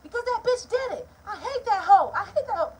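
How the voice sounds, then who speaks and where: A woman's voice: expressive, brisk. A woman voicing a furious, foul-mouthed mother who screams accusations down the phone. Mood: furious yelling. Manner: shrill, cursing, yelling.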